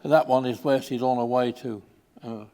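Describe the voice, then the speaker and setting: An older man from England giving an informal slide talk, pausing often with fillers and restarts. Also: mid-range voice, fairly even intonation, dark tone. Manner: halting, with many fillers and restarts.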